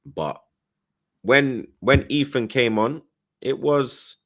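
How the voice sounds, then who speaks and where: A man's voice: mid-range voice, expressive, takes it slowly, fairly bright tone. A man hosting a casual live-stream football chat, heavy on slang and tag questions. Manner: London slang-heavy, says 'blood' and 'you get me' often. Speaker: host.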